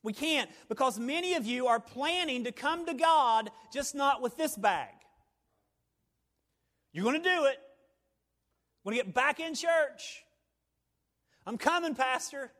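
A male pastor preaching a sermon in church, animated and folksy, swinging from punchy emphasis to hushed, near-whispered lines. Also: very high voice, unhurried, long pauses. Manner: folksy, joking asides. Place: church sanctuary, evening service.

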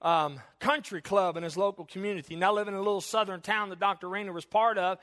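Man, pastor, church sermon, high pitch, bright voice, emphatic scripture reading. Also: fairly even intonation. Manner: slow emphatic reading, hushed prayer.

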